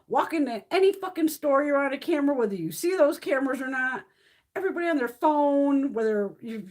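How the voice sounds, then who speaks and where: Woman, fifties, livestream host, blunt and profane, lively swooping pitch. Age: 50s. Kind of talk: casual livestream chat. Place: home, mountain area.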